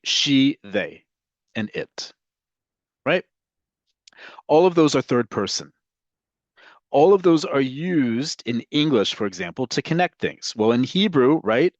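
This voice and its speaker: Male Hebrew teacher, mid-pitched, patient explainer who keeps asking "right?", close dry mic. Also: no echo, dull audio. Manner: explanatory, repeats "right?" to check understanding. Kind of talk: online language lesson.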